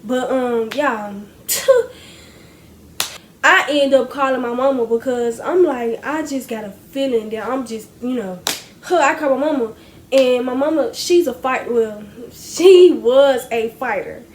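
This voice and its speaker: Chatty high-voiced young woman vlogger. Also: a little slow, slight background noise. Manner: animated, chatty, addresses viewers as y'all, laughs often. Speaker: storytime vlogger. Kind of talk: casual storytime chat to viewers.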